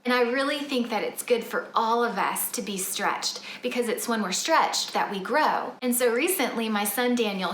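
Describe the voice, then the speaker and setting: Earnest mom in an echoey kitchen. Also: female voice, medium pitch, fairly bright tone, slight background noise. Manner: earnest and measured, explaining her parenting rules. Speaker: mother and family vlogger. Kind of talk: casual chat to camera. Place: home kitchen table.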